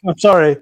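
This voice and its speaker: A man banters with his friends, sheepish and quick to put himself down, swearing as he goes. His slightly high voice swings widely. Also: a bit bright, husky, poor audio. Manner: self-deprecating, sheepish, swearing. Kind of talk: casual banter.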